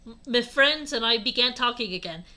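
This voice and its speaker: A young woman hosting a comic read-aloud of a fanfic, mostly deadpan with laughs breaking through. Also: a little high, a little fast. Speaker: host reading a fanfic aloud. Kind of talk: comic dramatic reading.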